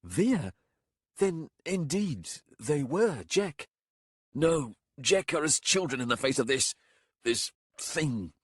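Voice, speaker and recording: A man voicing a frightened male warlock who speaks in a rough, rasping hiss, in an audiobook. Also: a little high, very animated, slow, dry recording, studio quality, pitched above the performer's own voice, full character voice. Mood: urgent, hoarse.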